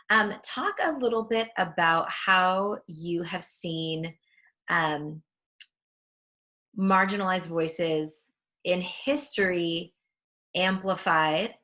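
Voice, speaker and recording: A woman interviewing a guest in a measured, earnest way, with frequent fillers. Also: on the low side, a bit bright. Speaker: interviewer, author. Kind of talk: conversational interview.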